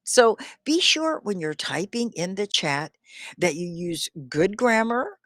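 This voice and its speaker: A woman teaching English on a live stream, speaking slowly and clearly with encouragement, often laughing as she talks to viewers. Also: medium pitch, sing-song, a bit bright, no room sound, clean studio sound. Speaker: ESL teacher.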